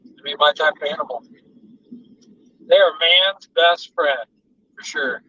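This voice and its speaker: Road noise runs under a distant, dull recording of a man vlogging from his car on a highway, rambling through casual chat and stories while driving. His voice is a little high, bright, and forceful, a little slow, with fairly even intonation.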